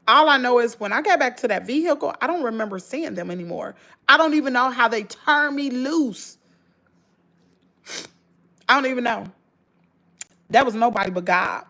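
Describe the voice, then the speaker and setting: A woman's voice: on the high side, fairly bright tone. A woman with a Southern US accent, telling an emotional story straight to her viewers in an emphatic, rambling way, full of restarts. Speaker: vlogger.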